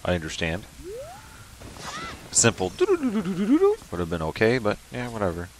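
A man hosting a video game playthrough at home, chatting casually with sudden excited yelps. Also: low-pitched, fast talker, a little hiss or hum. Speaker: host.

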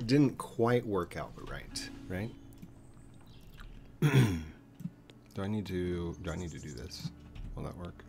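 A man streaming a building game, rambling to himself as he builds and greeting viewers in a high squeal. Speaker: gaming streamer. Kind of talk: casual gameplay chat. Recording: clear background music under voice. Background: background music.

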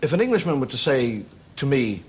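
A middle-aged Irish man doing stand-up, telling jokes in a wry storytelling manner and slipping into quick character voices. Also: mid-range voice, very animated, darkish tone, husky. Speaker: comedian.

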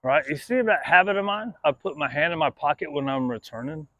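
A man training his dog, praising it in high sing-song bursts and then dropping to quiet explanatory asides. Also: expressive, fairly quick, no echo, highs cut off.

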